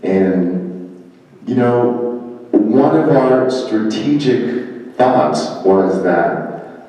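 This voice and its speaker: Mellow-voiced man in an echoey hall. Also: on the low side, animated, extremely slow, pauses often. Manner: conversational storytelling, acting out quoted dialogue. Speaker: political candidate giving a talk. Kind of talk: public speech. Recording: echoey hall, mic far off.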